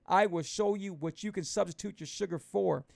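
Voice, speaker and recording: A middle-aged man, hosting his own live show as a keto coach. He talks loosely and fervently, repeating himself as he pitches to viewers. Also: normal speed, creaky, darkish tone, no room sound. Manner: loose and conversational, many restarts. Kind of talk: live-stream talk to viewers.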